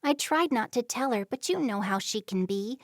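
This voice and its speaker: A woman's voice: a little high, animated, moderate pace, no echo, studio quality. A woman voicing a chatty, playful younger Amish sister in a storybook reading. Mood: worried.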